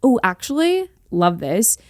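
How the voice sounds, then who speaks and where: A woman's voice: on the high side, very animated, unhurried, no echo, studio quality. A young woman from North Carolina hosting a solo podcast in a chatty, rambling way, with playful sassy asides. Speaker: podcast host. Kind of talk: casual solo podcast chat.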